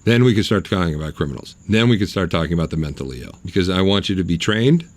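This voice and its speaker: A man's voice: deep voice, animated, fast. A man hosting his own podcast, talking in a blunt, sarcastic and mocking way. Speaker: podcast host. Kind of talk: opinionated solo podcast monologue.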